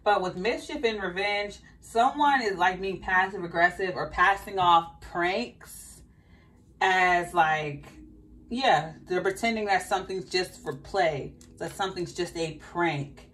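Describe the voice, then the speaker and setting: Woman, slight Southern accent, fairly low voice, chatty tarot reading, mic a bit far off. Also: measured pace, fairly bright tone. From Southern United States. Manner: chatty, thinking aloud, repeats questions to spirit. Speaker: tarot reader. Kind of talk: casual tarot reading monologue.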